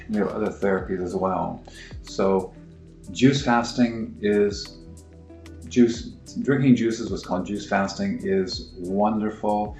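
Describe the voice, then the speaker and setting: Low-voiced middle-aged man, halting, roomy. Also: fairly even intonation, darkish tone. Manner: halting, many fillers and restarts. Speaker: naturopathic clinic practitioner. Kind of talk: informal explanatory talk. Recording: roomy echo with faint music.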